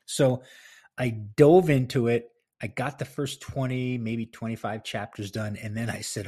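A man's voice: mid-range voice, moderate pace, darkish tone, husky. A man hosting a casual solo podcast from his home office, chatty and self-deprecating, laughing often. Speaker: podcast host. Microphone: close podcast mic.

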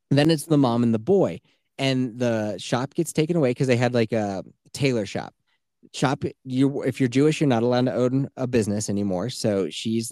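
A man co-hosting a casual podcast, recapping a story game in a loose, profane way. His voice sits warm and mellow, recorded close and dry with no room around it. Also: fairly low pitch, no room sound. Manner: loose, swearing, quotes characters in his own voice. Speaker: podcast co-host. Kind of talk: casual chat, retelling a video game story.

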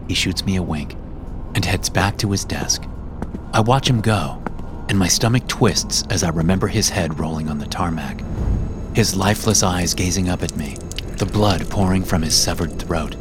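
A man narrating a suspenseful first-person story in a measured way. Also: low-pitched, over music.

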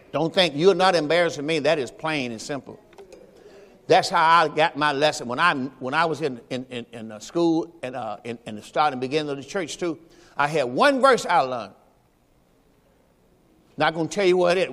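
A man's voice: a little high, normal speed, long pauses, a bit bright, long reverb tail. A man preaching a Sunday sermon as pastor, in a folksy style that mixes scripture quotes with rhetorical questions. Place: church during Sunday service.

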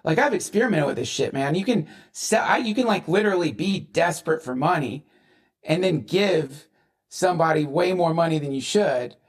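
A man's voice: on the high side, expressive, normal speed. A man in casual chat, rambling and profane as he muses aloud.

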